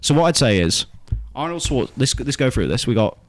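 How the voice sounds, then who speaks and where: A man's voice: medium pitch, big pitch swings, fairly quick. A man co-hosting a casual podcast debate, asking questions and hedging his opinions. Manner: questioning, hedging, restarts sentences. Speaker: podcast co-host.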